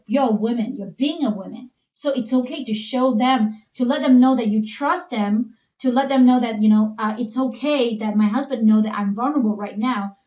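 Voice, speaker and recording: Woman, Chinese accent, high voice, earnest advice-giver with lots of fillers, echoey room. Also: mellow. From Asia. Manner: earnest, heavy use of "you know" fillers. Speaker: co-host. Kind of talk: advice talk for couples.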